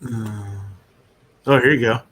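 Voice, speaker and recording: A man's voice: medium pitch, takes it slowly, a bit bright, slight background noise. A man hosting a live stream, reacting to viral clips with blunt, profane, joking commentary and frequent laughs.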